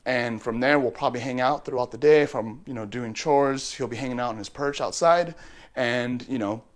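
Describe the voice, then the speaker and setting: Casual man narrating his pet routine. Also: normal speed. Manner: switches to high sing-song baby talk with his bird. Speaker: bird owner vlogger. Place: at home in an apartment.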